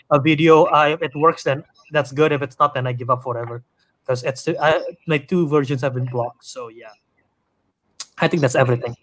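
A man's voice: a little high, pushed and bright. A man co-hosting a casual movie podcast, joking around and restarting his sentences. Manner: jokey, laughing, stumbles over restarts. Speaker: podcast co-host. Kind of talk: casual chat.

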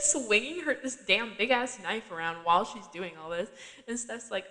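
A woman's voice: fairly high pitch, normal speed, pushed and bright, big-room sound. A woman hosting a podcast, recapping a TV episode in a chatty, filler-heavy way with frequent asides. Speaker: podcast host. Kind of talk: casual chat recapping a TV episode.

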